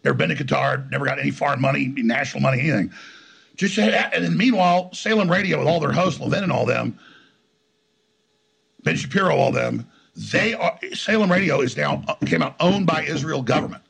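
A middle-aged man telling stories in an interview, talking fast and combatively with frequent restarts and repeated words. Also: fairly high pitch, lively intonation, gravelly, fairly bright tone, slightly rough. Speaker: interview guest. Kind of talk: heated conversational storytelling.

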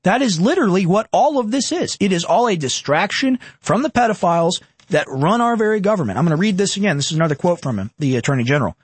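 A man in his twenties rants through heated, sarcastic political commentary. His voice sits high for a man, and it is recorded close and dry with no room sound. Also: sing-song, fast talker, few pauses, breathy edge, no room sound. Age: 20s.

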